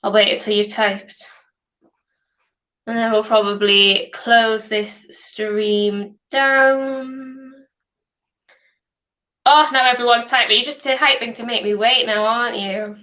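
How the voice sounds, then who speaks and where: A young woman from northeast England with a softened Geordie accent and a sore throat, chatting casually as host of a hackathon livestream Q&A. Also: mid-range voice, level tone, slow, pauses often. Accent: softened Geordie, somewhat posh. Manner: chatty, reads questions aloud, hums while waiting.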